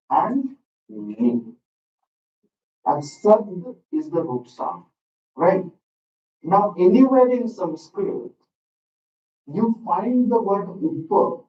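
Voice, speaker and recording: A man with an Indian English accent giving a classroom lecture, teaching slowly and deliberately, repeating words and checking in with "okay". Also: sits high, expressive. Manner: slow, deliberate teaching with frequent "okay" and repetition. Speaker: lecturer on Sanskrit texts. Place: school hall. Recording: roomy, dull sound from a distant mic.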